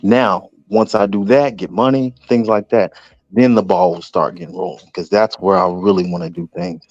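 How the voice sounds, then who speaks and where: A man calling in to a live show, speaking calmly about his plans. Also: deep voice, normal speed, no room sound. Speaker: caller. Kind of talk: casual call-in chat. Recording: dry, muffled call-in audio.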